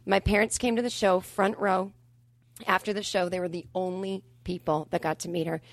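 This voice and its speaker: A woman comedian tells a story in lively chat, slipping into the voices of the people she quotes. Her voice sits at a middle pitch. The sound is close and dry, with no room around it. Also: normal speed, no echo. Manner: animated, acts out quoted voices. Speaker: comedian guest.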